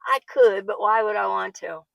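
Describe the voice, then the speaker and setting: A woman's voice: mid-range voice, normal speed, creaky, fairly bright tone, dry recording, poor audio. A woman, older, talking casually to camera and answering viewer comments, chatty and laughing often, sometimes getting worked up. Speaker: van-life vlogger. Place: living in her minivan.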